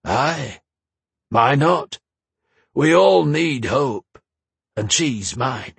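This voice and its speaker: Audiobook role: man voicing an old rustic northern soldier, folksy and plainspoken, pitched up, husky. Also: animated, very slow, no echo, heavily acted. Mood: wistful.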